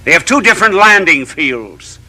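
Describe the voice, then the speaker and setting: A man's voice: sits high, very animated, normal speed, pushed and bright, poor audio. A man, a bishop, giving a televised sermon in a studio, orating through long runs of rhetorical questions.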